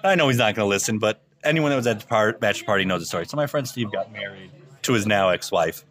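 A man's voice: on the low side, animated, fast talker, fairly bright tone. A man in his thirties, a podcast host telling a long story in casual chat, rambling and profane with lots of fillers. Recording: crowd chatter behind.

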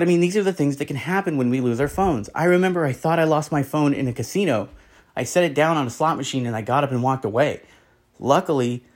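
A man hosts his own podcast and holds forth on a viral story in a loose, opinionated monologue. His voice sits a little high for a man, and he slips into quoted voices to act out what others said. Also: a little mellow. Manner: rambling, opinionated, acts out quotes. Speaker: podcast host. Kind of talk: casual commentary monologue.

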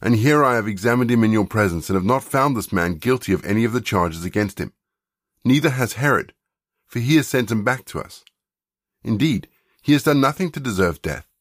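A man's voice: fairly low pitch, animated, fairly quick, no echo, clean studio sound. A man reading as an earnest Roman governor. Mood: insistent. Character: stern troubled Roman governor, male adult.

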